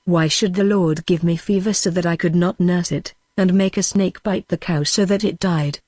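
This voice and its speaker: A woman's voice: lowish voice, fairly even intonation, normal speed, a little mellow, no room sound, natural voice. A synthetic woman's voice reading the lines of a grieving, feverish mother who is bitter and foresees doom, with no change of voice.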